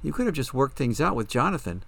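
Man voicing a psychic woman, probing, accusing, gravelly, dry close sound, storybook. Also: mid-range voice, very animated, quick pace, no echo, pitched above the performer's own voice.

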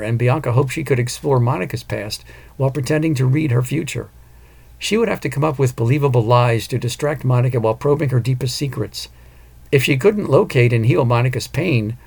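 Man narrating a novel, gravelly voice, measured, mid pitch. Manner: even, measured storytelling. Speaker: audiobook narrator. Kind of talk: scripted narration.

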